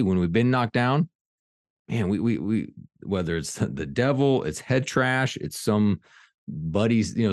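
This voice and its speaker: A middle-aged man with a fairly low voice talks with earnest energy, often restarting his sentences as he tells a story. The sound is close and dry. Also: a little mellow, no room sound. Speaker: executive coach and author, guest. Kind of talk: podcast interview storytelling.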